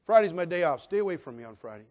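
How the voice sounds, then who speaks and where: Animated preaching man with a fairly high voice. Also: racing. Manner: animated, humorous preaching that swings between loud emphasis and quiet asides. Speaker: pastor. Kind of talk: sermon.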